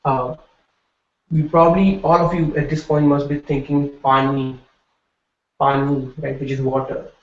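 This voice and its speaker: A Hindi teacher with a somewhat high voice speaks in a level tone at normal speed. He patiently explains a classroom lecture, frequently checking in with "right?". The recording sounds dull and lo-fi in an echoey room.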